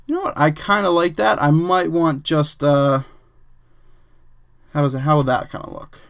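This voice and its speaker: A man with a slightly raised pitch talks through a photo edit in a loose, conversational way. He thinks aloud, drops fillers, and punctuates each step with a quick "bam". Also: creaky, clean tone. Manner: relaxed, chatty, says "bam" and "um", thinks aloud while working. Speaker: photo editing tutor. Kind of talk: casual screen-recorded tutorial.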